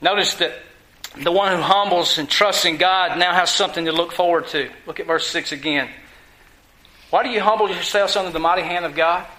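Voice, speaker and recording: A man's voice: sits high, brisk, sharp tone. A man preaching a sermon in a folksy, conversational way, full of rhetorical questions to his church. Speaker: pastor. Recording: echoey room.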